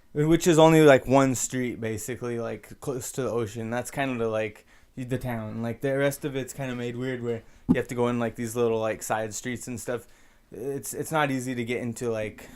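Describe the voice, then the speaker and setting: A young man spins a personal anecdote in a loose, rambling way, stopping and restarting often. His voice is smooth and clear, sitting at an everyday middle pitch. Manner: rambling, many fillers and restarts. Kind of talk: casual personal storytelling.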